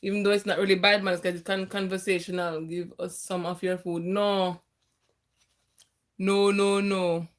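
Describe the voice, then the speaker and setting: A woman's voice: medium pitch, flat delivery, moderate pace. A woman tutoring math on a casual live stream from her phone, chatty and laughing often, sometimes talking while eating.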